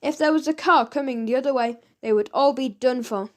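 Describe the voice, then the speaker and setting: A woman reading a children's audiobook aloud, lively and expressive. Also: sits high, a little fast. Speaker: audiobook narrator.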